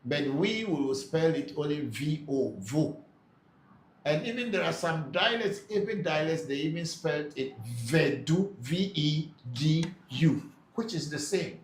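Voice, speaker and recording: A man's voice: on the high side, animated, normal speed, few pauses. A man hosting a live question-and-answer session, reading out viewers' comments and explaining patiently with many hesitations. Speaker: spiritual teacher hosting a live Q&A. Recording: echoey room with faint background noise.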